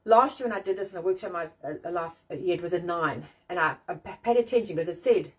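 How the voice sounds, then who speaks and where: A woman's voice: fairly low pitch, fast talker, husky, recorded from a distance. A middle-aged woman hosting a casual live-stream chat, talking bluntly and swearing freely as she rants and jokes. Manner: blunt, sweary, animated ranting. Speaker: host of a live chat show. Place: outdoors in the rain.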